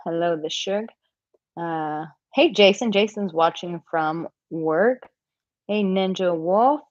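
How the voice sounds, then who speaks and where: A woman's voice: fairly low pitch, no echo, highs cut off. An American woman who coaches men on dating, chatting casually on a live-stream Q&A with lots of filler words. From United States. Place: home, living in Portugal.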